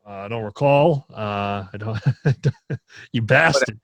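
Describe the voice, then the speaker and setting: A man's voice: mid-range voice, takes it slowly, gravelly, dry recording. A man from New Hampshire hosting a podcast, chatting casually and ranting with plenty of swearing. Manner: profane, animated ranting. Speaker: podcast host.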